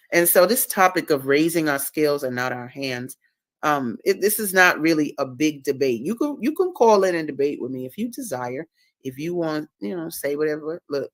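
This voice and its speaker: Low-pitched woman hosting a live stream, preachy and emphatic, dry close sound. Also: no echo. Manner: emphatic, preachy, repeats words for stress. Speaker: host and author. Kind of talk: casual livestream talk.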